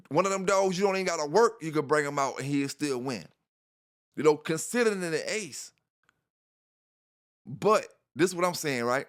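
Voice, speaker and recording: A man's voice: fairly high pitch, a bit bright. A man hosting a dog channel, talking casually in a rambling monologue, repeating himself and filling gaps with "you know".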